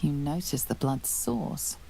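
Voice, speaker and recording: A calm, ominous game narrator with a deep, heavily gravelly voice. Her tone is dark and measured, and she speaks in a descriptive way. A faint hiss lies behind her. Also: soft background music, full character voice, rough recording.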